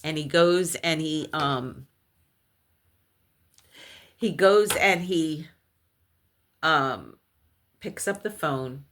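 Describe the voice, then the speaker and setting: Woman, storyteller: low-pitched, unhurried, recounting a personal paranormal tale, animated and halting. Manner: animated storytelling, acts out others' voices in high shrieks; halting restarts when shaken.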